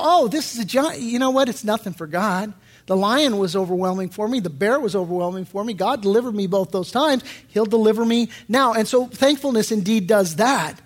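An older man, a pastor, preaching a sermon and telling stories, acting out prayers and quotes as he goes. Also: very high voice. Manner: animated storytelling preacher, acts out prayers and quotes.

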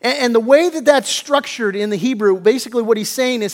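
High-voiced guy preaching, lots of stops and restarts, gets loud then drops real soft. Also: brisk. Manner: emphatic preaching with many restarts, voicing biblical figures in quotes; drops to a hushed, soft voice in tender moments. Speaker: pastor. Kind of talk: sermon.

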